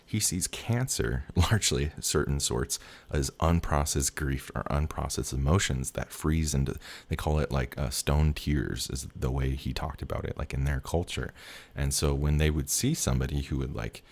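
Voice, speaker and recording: A man's voice: a bass voice, moderate pace, darkish tone, slightly rough. A young man casually telling a personal story as a tarot reader, rambling and candid, laughing often and swearing.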